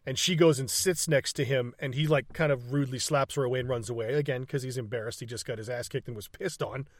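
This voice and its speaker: A man's voice: mid-range voice, fast talker, dry recording. A man casually recapping a movie scene by scene, swearing freely, laughing often and acting out lines from the film. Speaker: podcast co-host.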